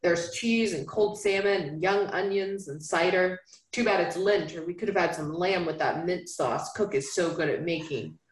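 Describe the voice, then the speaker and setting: A woman's voice: lowish voice, moderate pace, echoey room, pitched below the performer's own voice, lightly acted, low-quality recording. Woman doing a drawling Southern romance hero. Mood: teasing. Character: rugged male lover in a romance novel.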